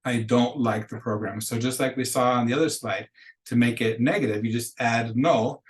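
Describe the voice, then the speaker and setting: A man's voice: medium pitch, steady tone, normal speed, low-quality recording. A man teaching a beginner Spanish class, patiently explaining grammar step by step and modeling phrases for the class to repeat. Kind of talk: recorded classroom lecture.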